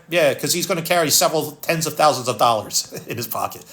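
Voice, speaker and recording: Live-stream host, man, Philadelphia accent, higher-pitched, blunt and no-nonsense while reading comments. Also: lively intonation, fast, fairly bright tone. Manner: blunt, wisecracking, reads viewer comments aloud. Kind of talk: casual live-stream chat.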